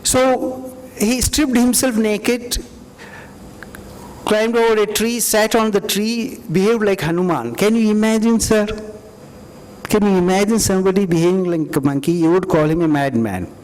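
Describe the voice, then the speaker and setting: High-voiced man lecturing in a hall. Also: normal speed, darkish tone. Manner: reflective, conversational, with frequent "you know". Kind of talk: university lecture with audience questions. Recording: reverberant hall.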